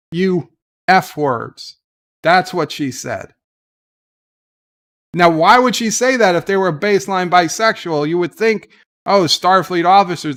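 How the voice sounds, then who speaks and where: A man's voice: on the high side, fairly bright tone. Profane, ranting man with a raised voice. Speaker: livestream host reading chat. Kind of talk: casual livestream chat and rant.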